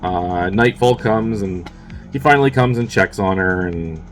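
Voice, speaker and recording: A man's voice: low voice, a little slow, faint music behind. A man casually recapping a movie plot for his review show, offhand and peppered with swearing and fillers.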